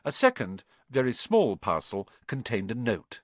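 A man narrating a children's story with expressive, measured storytelling. His pitch moves a lot, lively and full of shape. The recording is dry and close with no room sound. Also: no room sound. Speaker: audiobook narrator.

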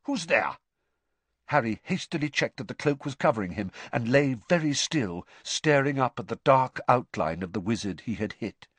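A man reading an audiobook in a steady storytelling manner, stepping into character voices. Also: mid-range voice, normal speed, hardly any pauses, no room sound. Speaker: narrator. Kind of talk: audiobook narration.

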